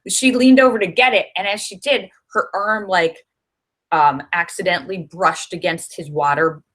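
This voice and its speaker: On a laid-back livestream from her home in Los Angeles, a middle-aged female host tells a chatty story, animatedly imitating the people she quotes. She speaks at a moderate pace in a fairly low pitch.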